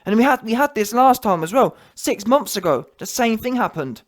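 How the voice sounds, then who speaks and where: A man's voice: high-pitched, lively intonation, normal speed. Man, fired-up boxing rant, mocking, slangy, keeps adding "yeah". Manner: heated, mocking, slangy, full of restarts and "yeah" tags. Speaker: boxing commentator. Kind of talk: ranting opinion vlog.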